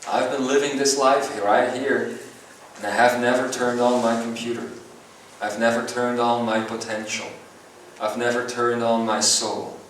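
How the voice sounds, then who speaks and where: A man giving a live spiritual seminar talk, earnest and slow, with long pauses between phrases. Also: medium pitch, little pitch movement, fairly bright tone, slight background noise. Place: seminar hall. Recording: echoey hall recorded from far off.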